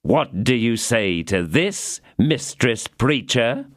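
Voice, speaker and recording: A man's voice: mid-range voice, very animated, slow, no room sound, studio quality. A man voicing a greedy, cowardly middle-aged mercer in an audiobook, speaking pompously and repeating grand phrases. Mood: smug.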